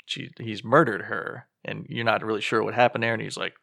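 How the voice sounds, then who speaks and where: A man's voice: on the low side, steady tone, a little fast, gravelly, fairly bright tone, no echo, clean studio sound. A man in casual podcast talk about a film, rambling through his points and acting out lines from the scenes. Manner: rambling, acts out quotes with a laugh. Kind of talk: casual movie discussion.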